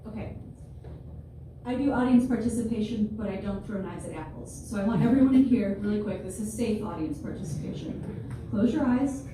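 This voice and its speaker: A woman in her twenties, speaking a little fast at medium pitch, delivers a stand-up routine to a live audience in a large room. Her material is wry and self-deprecating, full of playful asides. The audio comes across as distant, noisy, and very echoey.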